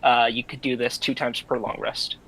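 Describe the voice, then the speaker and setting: A man's voice: medium pitch, flat delivery, normal speed, a bit bright, poor audio. Hesitant man explaining game rules. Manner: hesitant, reading rules aloud. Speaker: player. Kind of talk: casual tabletop play.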